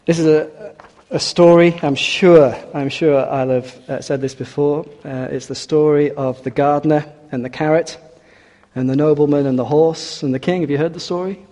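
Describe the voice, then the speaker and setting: A man's voice: a little high, steady tone, moderate pace, warm tone. A man preaching a sermon in an earnest way, with rhetorical questions and hesitant restarts. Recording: long hall reverb.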